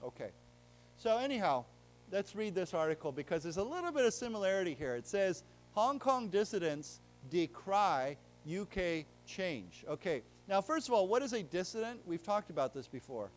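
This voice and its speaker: A man's voice: sits high, sing-song, brisk, a little mellow. A man teaching a live English vocabulary class, explaining words in plain terms and having the room repeat them after him. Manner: explains patiently in plain terms, checking understanding. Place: library lecture room with a live audience.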